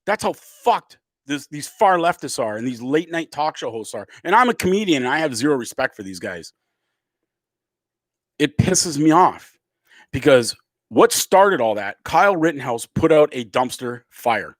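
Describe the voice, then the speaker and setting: A man's voice: a little high, sing-song, normal speed, dry recording. Angry ranting man, dry close sound. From Canada. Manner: angry, emphatic, swearing freely. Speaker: comedian. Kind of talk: profane political rant to camera.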